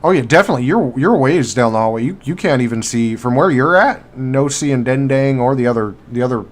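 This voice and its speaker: A man narrating as game master for a live tabletop game, halting and filler-heavy as he describes the action. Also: medium pitch, expressive. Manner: halting, with many fillers and restarts. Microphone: streaming mic.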